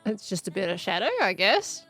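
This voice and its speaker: A woman's voice: medium pitch, animated, a little fast, a bit bright, faint music behind. A woman with an Australian accent chatting casually with a friend while gaming, playful and laughing often. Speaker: streamer.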